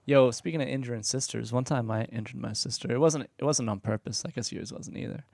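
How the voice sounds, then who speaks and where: A man's voice: medium pitch, fast, creaky, darkish tone, dry recording. A young man co-hosting a podcast in casual chat, slangy and swearing, saying "dude" and "like" a lot. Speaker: podcast co-host.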